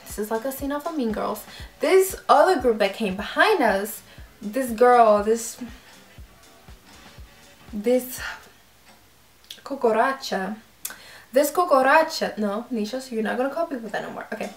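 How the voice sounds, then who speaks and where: Animated young woman telling a storytime vlog. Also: on the high side, measured pace, long pauses, roomy sound, soft background music. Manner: animated, acts out voices and laughs a lot. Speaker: YouTube vlogger.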